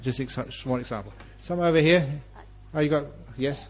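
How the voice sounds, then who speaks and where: A man who is a Buddhist monk teacher, giving a Dharma talk and telling stories with humor and lively, varied delivery. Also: on the high side, normal speed. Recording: dull lo-fi recording.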